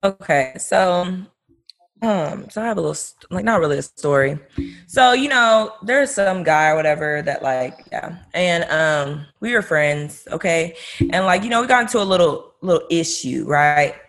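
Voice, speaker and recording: A woman's voice: on the low side, expressive, moderate pace. A woman co-hosting a casual podcast, talking in a hesitant, rambling way full of fillers. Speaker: podcast co-host. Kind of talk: casual storytelling chat.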